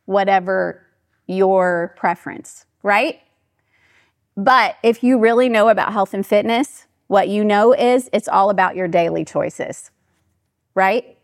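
A middle-aged pastor's wife gives a chatty, animated storytelling talk to her church, acting out the voices of the people she quotes. Her voice is medium-pitched, recorded with clean studio sound and no echo.

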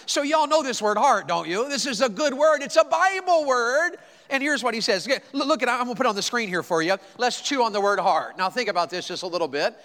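A man from Tennessee with a Southern accent, preaching a sermon, telling folksy stories with quick asides and slow, emphatic lines. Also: very high-pitched, lively intonation, a bit bright. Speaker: pastor. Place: church auditorium. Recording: long hall reverb.

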